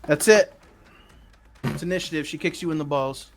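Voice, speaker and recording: A man's voice: on the high side, moderate pace, faint music behind. Casual, filler-heavy male game master. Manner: casual, hesitant with many fillers, laughs at the players. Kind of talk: running a tabletop game online with friends.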